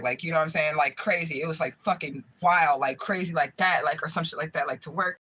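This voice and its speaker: A woman and spiritual reader chatting casually to her viewers, telling stories in an animated, profane way full of fillers. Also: low voice, a little fast, hardly any pauses, husky. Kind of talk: casual live chat to viewers.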